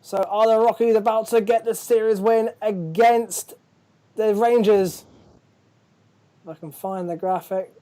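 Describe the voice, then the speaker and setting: A man's voice: high-pitched, steady tone, measured pace, mellow. A man hosting a live baseball chat show, tired and chatty, often stumbling over his words. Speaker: host.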